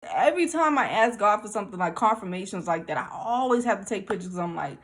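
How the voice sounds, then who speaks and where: Excitable woman telling a story. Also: medium pitch, a little fast, few pauses. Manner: animated, excitable, laughs often, repeats herself. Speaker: vlogger sharing spiritual experiences. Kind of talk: casual storytelling.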